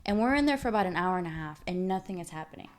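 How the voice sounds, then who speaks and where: A woman's voice: lowish voice, animated, very fast, a crowd in the background. A young adult woman, a podcast guest, telling a personal story in casual chat. She acts out the dialogue and often says "dude" and "like".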